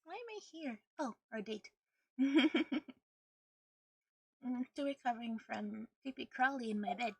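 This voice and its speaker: A young woman streams and chats with her viewers in a high, unhurried voice that has a gravelly edge from morning roughness. She giggles often and sounds bubbly. The sound is dry and close, with no room echo. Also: lively intonation. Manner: bubbly, giggly, greets chat one by one. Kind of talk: casual live-stream chat.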